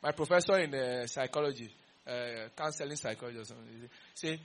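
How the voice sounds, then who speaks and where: A man with a Nigerian English accent preaching a sermon, teasing and quizzing his congregation in an animated way. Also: a little high, fast talker.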